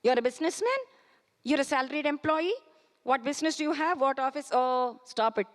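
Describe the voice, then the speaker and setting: A woman with an Indian English accent giving a spiritual talk, firing off rhetorical questions and chanting Sanskrit verses slowly. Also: high-pitched. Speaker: spiritual speaker. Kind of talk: spiritual discourse with storytelling. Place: large auditorium. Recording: auditorium reverb.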